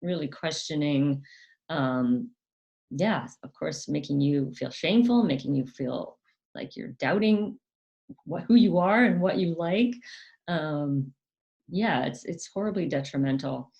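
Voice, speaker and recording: Speaking unhurriedly to the camera, this channel host has a low, gravelly, slightly mellow voice with an animated delivery. Her talk is casual and halting, packed with fillers. She mimics her parents in a raised, mocking tone whenever she quotes them.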